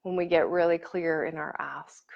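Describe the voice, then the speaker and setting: A woman coach leading a live online workshop, talking casually and warmly to viewers and greeting commenters by name. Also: low-pitched, steady tone, moderate pace, vocal fry. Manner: warm and effusive, reads and greets commenters. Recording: slightly dull lo-fi stream audio.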